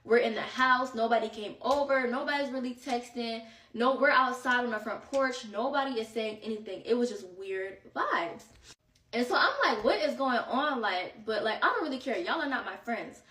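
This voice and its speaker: A young woman telling a story in a casual storytime vlog, animated and exasperated as she recounts it. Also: fairly high pitch, normal speed. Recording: echoey room, far from the mic.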